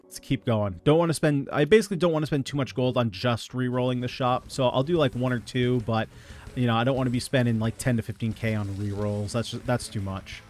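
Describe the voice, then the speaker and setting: A man giving casual gameplay commentary, reading out item picks in a relaxed running patter. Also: mid-range voice, a little fast, faint music behind. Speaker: gaming video creator.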